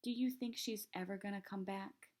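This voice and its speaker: A woman reading aloud, voicing a stubborn ten-year-old girl who pleads and insists in a raised, higher voice. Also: lively intonation, normal speed. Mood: quiet.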